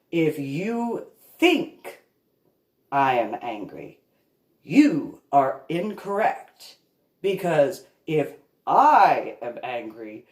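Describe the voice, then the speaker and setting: A woman speaking in an unscripted monologue about her own experiences as a parent, slow and emphatic with deliberate pauses. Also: sits low, roomy sound. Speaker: parent telling her story.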